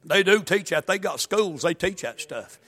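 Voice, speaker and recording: A man preaching a fiery sermon, with a weak, worn voice, swinging from folksy asides into chanted, shouted climaxes. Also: high voice, expressive, normal speed.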